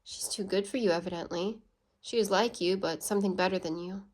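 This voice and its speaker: A woman voicing a blunt, proud and sarcastic English gentleman in a storybook reading, with a scolding manner. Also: mid-range voice, a little fast, close to an everyday voice.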